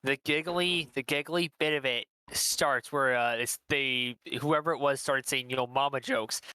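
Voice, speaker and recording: A man on a live stream talks in a hesitant, halting way, stopping to find his words. His voice is bright and smooth at a middle pitch. The sound is dry and close. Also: steady tone, dry recording, low-quality recording. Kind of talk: casual stream chat.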